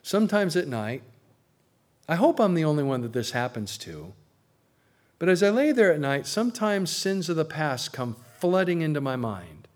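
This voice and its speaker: A man preaching a sermon to a congregation, swinging between loud emphasis and quiet asides. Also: on the high side, sing-song, moderate pace. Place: church before a congregation.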